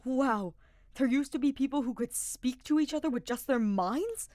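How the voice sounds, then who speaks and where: A woman reading a fan-fiction audiobook, voicing an excitable young male paladin who gushes and gasps. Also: normal speed, no room sound, clean studio sound, lightly acted. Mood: excited. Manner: eager, gasping, squeaky.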